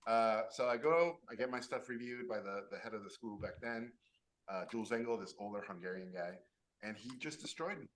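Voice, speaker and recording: A man from Mexico telling the story of his start in animation in a casual talk, animated and acting out the people he quotes. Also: fairly low pitch, brisk, poor audio.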